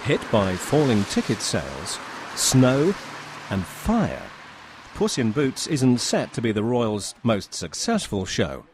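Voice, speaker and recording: A man's voice: mid-range voice, very animated, slow pace, slight background noise. A man giving scripted documentary narration in a dry, wry tone.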